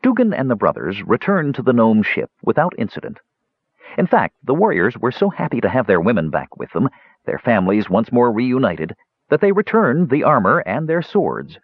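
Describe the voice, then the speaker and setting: Give me a man narrating an audiobook, low husky voice, dull dry recording. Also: normal speed, dry recording. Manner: lively, expressive reading. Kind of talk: scripted narration.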